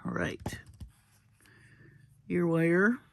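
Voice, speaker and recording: Woman craft host, unhurried and chatty, gravelly edge, dry close sound. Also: on the low side, no room sound. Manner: chatty and playful, with small laughs. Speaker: jewelry-making tutorial host. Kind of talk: casual craft demonstration.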